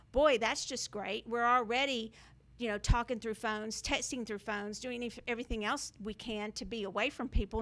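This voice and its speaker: A woman's voice: a little high, fairly bright tone. A woman hosting a spiritual talk to camera, emphatic and sarcastic, slipping into mocking quotes. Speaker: spiritual video host.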